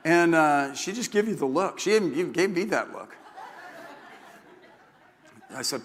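A man's voice: fairly high pitch, animated, moderate pace, long pauses, big-room sound, slight background noise. An older man preaching a sermon as pastor, folksy and joking, often repeating himself. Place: church sanctuary.

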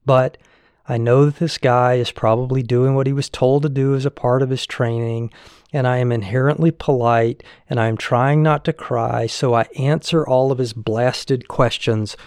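A man reads a first-person diary entry aloud, his voice sitting at an ordinary middle pitch. He keeps a frank, measured tone that now and then sharpens into exasperation. The recording is dry, with no room sound. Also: fairly even intonation, darkish tone, clear, resonant tone, no room sound.

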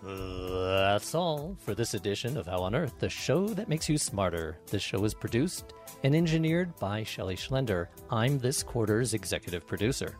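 A man's voice: fairly low pitch, expressive, moderate pace, faint music behind. A man co-hosting a radio science show, reading the credits in a scripted manner.

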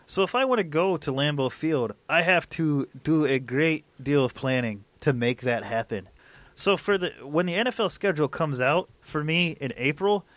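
A man's voice: fairly high pitch, fairly bright tone, no echo. A man in his thirties hosting a sports podcast, ranting in an irritated, casual way. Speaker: podcast host.

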